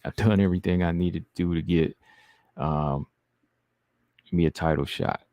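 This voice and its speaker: A man with a deep, warm voice hosts a laid-back livestream, reading viewer comments aloud and answering them. His intonation is fairly even, he speaks at a normal speed, and there's no echo.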